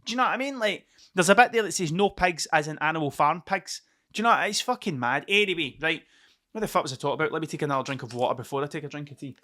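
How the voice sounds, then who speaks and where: A Scottish podcast host talks in a slightly high, sharp voice, racing along. In a casual solo monologue, he rambles and swears freely, drifting from one point to the next.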